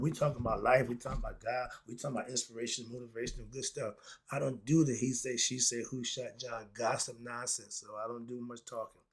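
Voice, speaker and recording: Blunt male commentator, husky and gravelly, casual monologue. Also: mid-range voice. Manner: blunt, conversational, reads a line then riffs on it. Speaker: solo commentator.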